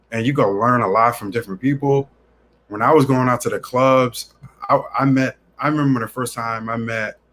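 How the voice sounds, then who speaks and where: Brief: New man, interview guest, chatty storyteller, mid pitch, faint background noise. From New York City. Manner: lively anecdotes with slang. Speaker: guest, traveler.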